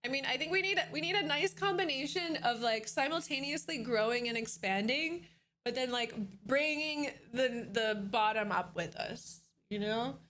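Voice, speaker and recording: Bubbly, bright-voiced woman streamer. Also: high-pitched, lively intonation, moderate pace. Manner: bubbly and giggly, greeting chat by name. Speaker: live streamer. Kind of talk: casual live-stream chat. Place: at home at her computer.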